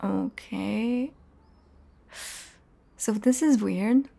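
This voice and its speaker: Slow, teasing young woman in audio role-play. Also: mid-range voice, gravelly, mellow. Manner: casual, teasing, swears freely, often drops to a whisper.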